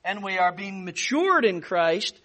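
Emphatic high-voiced male preacher. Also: sing-song, unhurried, sharp tone. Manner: emphatic, repeats key words, rises for stress. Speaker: pastor. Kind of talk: expository sermon.

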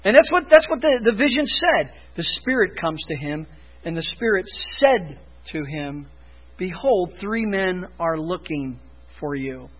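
A man preaching a sermon as pastor, emphatic, rising loud for emphasis and dropping low. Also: expressive, measured pace, slightly rough, muffled recording.

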